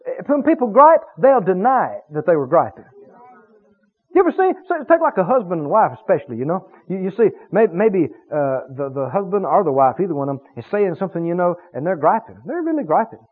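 A man preaching a sermon, emphatic and animated, stretching key words for effect. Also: high voice, quick pace, slightly rough. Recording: tinny phone-like radio broadcast.

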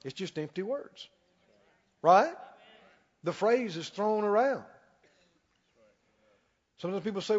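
A man preaching a sermon as pastor, emphatic, slowing down and rising on key lines. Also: high-pitched, lively intonation. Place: church sanctuary. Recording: dull sound with long hall reverb.

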